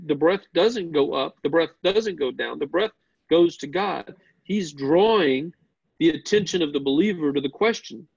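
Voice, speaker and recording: A man's voice: on the high side, gravelly, husky, no echo, dull audio. A man teaching a Bible class, explaining step by step, asking the class questions and often repeating words as he starts a sentence.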